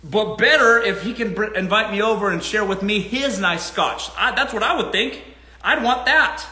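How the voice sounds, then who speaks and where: A man's voice: high-pitched, sharp tone. A man hosting a casual live Q&A, talking bluntly and swearing freely. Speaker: host. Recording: roomy echo.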